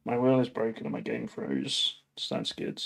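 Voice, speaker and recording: A chatty man streams a truck-driving game, talking at an ordinary mid pitch and answering viewers' messages aloud as he plays. A faint hiss of noise sits behind his voice. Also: very animated, normal speed, gravelly. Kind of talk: casual gameplay chat.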